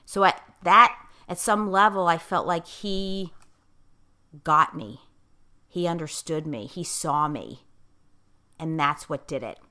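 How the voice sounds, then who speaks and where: A woman's voice: low voice, slow pace, long pauses, pushed and bright. A woman life coach in casual conversation, speaking emphatically and repeating key phrases for stress. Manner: self-described outspoken, in-your-face talker.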